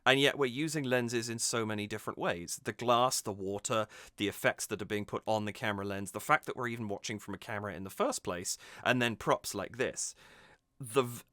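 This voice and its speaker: Male reaction host breaking down a song, bright and crisp, thoughtful, often restarts his sentences. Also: lowish voice, a little fast, dry recording, studio quality. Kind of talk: casual music analysis.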